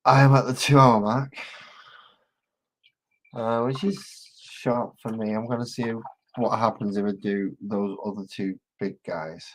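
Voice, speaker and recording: A man's voice: lowish voice, low-quality recording. A man casually chatting with his live-stream viewers while he paints miniatures, rambling and joking along the way.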